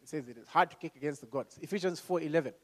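With a fairly high pitch, a man preaches to his congregation, asking them questions and acting out voices. He talks calmly and slowly at first, then rises into loud calls.

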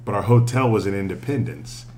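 A man co-hosting a podcast, telling a story in an animated, profane, casual way, laughing often. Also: fairly low pitch, brisk, soft background music. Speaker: podcast co-host.

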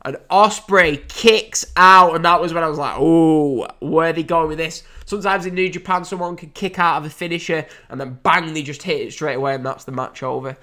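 A man talking excitedly about a wrestling match, swearing freely and loudly acting out the big moments. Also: on the high side, a little fast, hardly any pauses. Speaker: wrestling commentator. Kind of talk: casual chat.

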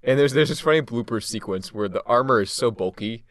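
A man's voice: medium pitch, expressive, brisk, a bit bright, dry recording. A man co-hosting a casual chat show, retelling TV scenes and acting out characters in funny voices. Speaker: podcast co-host. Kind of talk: casual chat reviewing a TV episode.

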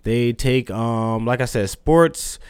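A man's voice: mid-range voice, takes it slowly, a little mellow, clear, resonant tone, no echo. A young man from New Jersey co-hosting a podcast, talking loose and profane, with lots of "like" and restarts. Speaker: podcast co-host. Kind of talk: casual podcast chat.

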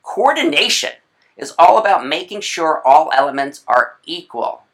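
A writing instructor giving a recorded video lecture, chatty, with playful asides and quick self-corrections. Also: medium pitch, sing-song, creaky.

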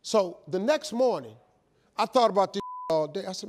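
A man telling a motivational life story, animated and emphatic, acting out both sides of phone calls. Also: sits high, moderate pace, slight background noise.

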